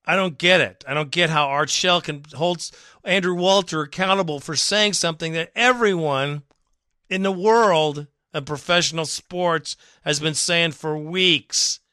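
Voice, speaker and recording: A man hosting a fan podcast rants about his team's coaching, emphatic and exasperated. His voice is a little high with a sharp tone, at a measured pace, recorded in studio quality without echo.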